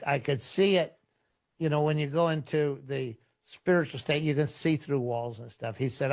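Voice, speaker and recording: A middle-aged man, a pastor, telling stories in a relaxed, rambling way, with many fillers and restarts. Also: medium pitch. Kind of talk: conversational storytelling in a podcast interview.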